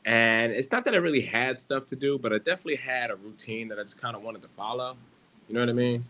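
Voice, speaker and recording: A man's voice: medium pitch, fast talker, pushed and bright. A young man hosting a casual solo livestream, rambling and joking at his own expense, swearing freely and laughing often. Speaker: livestream host.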